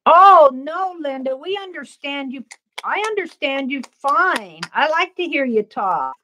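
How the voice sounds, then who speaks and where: A middle-aged Midwestern woman chats and rambles casually on her crafting livestream while making art, laughing often as she works. Her high voice is animated, pushed and bright at a measured pace, with a little hiss or hum in the audio.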